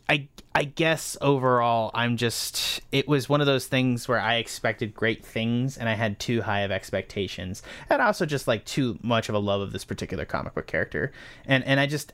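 A man hosting a casual film review chat, animated and rambling, swearing freely. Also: mid-range voice. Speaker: podcast host.

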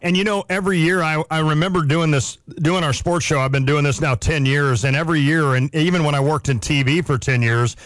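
A male sports radio host chatting casually, slightly higher in pitch than most men. He talks in quick, self-mocking asides. The studio sound is dry and close. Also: fairly even intonation, a bit bright, no room sound.

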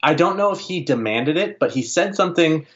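A podcast co-host sharing film trivia in casual chat, relaxed, with many fillers. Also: mid-range voice, a little fast, lo-fi sound.

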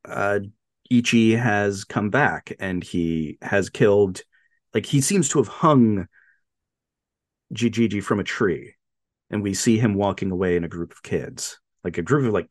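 A man's voice: lowish voice, dry recording, clean studio sound. A man co-hosting a podcast, retelling a film plot in casual chat and acting out quotes in a raised voice. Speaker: podcast co-host.

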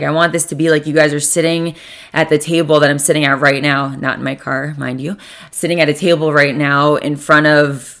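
Low-voiced young woman chatting casually. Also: fairly bright tone. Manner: rambling, swears often, self-correcting. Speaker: podcast host. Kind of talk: casual solo podcast chat. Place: sitting at a table at home.

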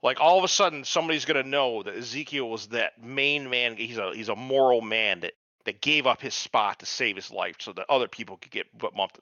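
A man's voice: medium pitch, animated, a little fast, few pauses, sharp tone, no room sound, lo-fi sound. A man co-hosting a podcast, ranting in a casual and profane way about a TV episode. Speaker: podcast co-host. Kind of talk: casual TV recap chat.

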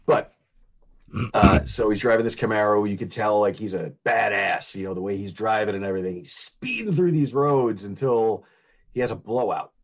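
A low-voiced man with a husky edge chats through a movie recap, rambling and giggling, full of ums and restarts. The sound is dull and lo-fi, like a cheap podcast mic. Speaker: podcast co-host recapping a film. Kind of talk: casual movie recap chat.

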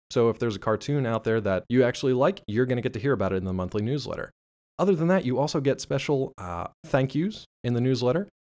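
A man's voice: lowish voice, a little mellow. A man with an Eastern Pennsylvania accent co-hosting a podcast, chatting casually in an upbeat, jokey, rambling way. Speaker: podcast co-host.

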